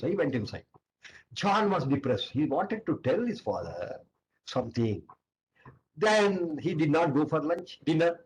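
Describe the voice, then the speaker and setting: Fairly high-voiced Indian English storyteller. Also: male voice, very animated, unhurried, rough recording. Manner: anecdotal, acts out characters' lines. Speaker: seminar speaker. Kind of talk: storytelling lecture.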